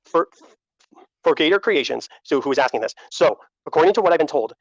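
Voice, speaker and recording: Guy on a stream, stumbling over words, pitch jumping all over, fast, kinda dull dry audio. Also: lively intonation, no echo. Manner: flustered, stammering, disbelieving. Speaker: streamer reading comments. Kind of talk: exasperated live-stream commentary.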